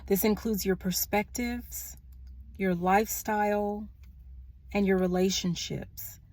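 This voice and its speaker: A woman in an indoor room delivering a channeled spiritual message into a phone, speaking softly and earnestly, sometimes dropping to a hush. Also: mid-range voice, steady tone. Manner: slow, soft-spoken and earnest, trailing into hushed tones.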